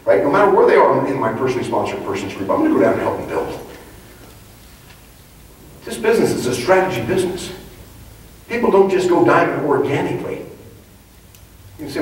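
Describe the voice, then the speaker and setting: A man giving an emphatic motivational speech at a sales training event, preachy and building to excited outbursts. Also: high voice, fast talker. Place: large event hall. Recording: echoey hall recorded from far off.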